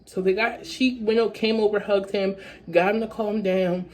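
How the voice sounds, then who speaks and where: A woman's voice: mid-range voice, steady tone, moderate pace, a little mellow. A young adult woman telling a story-time vlog in a rambling way, repeating herself with many fillers. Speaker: vlogger.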